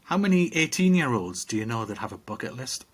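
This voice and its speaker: A man's voice: medium pitch, sing-song, fairly quick, slight background noise. A middle-aged man co-hosting a casual podcast, reflective and rambling with restarts. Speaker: podcast co-host. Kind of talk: casual chat.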